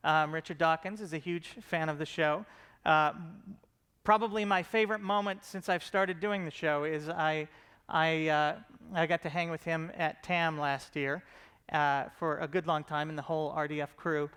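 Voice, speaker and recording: A man's voice: fairly high pitch, fairly even intonation, normal speed, a bit bright, smooth. A middle-aged man giving a casual, joking conference talk about his comedy show, self-deprecating and full of fillers and restarts.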